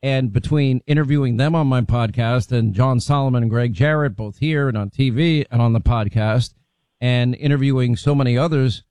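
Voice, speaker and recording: Mellow dry-voiced male host. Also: medium pitch, normal speed, no room sound. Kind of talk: interview talk.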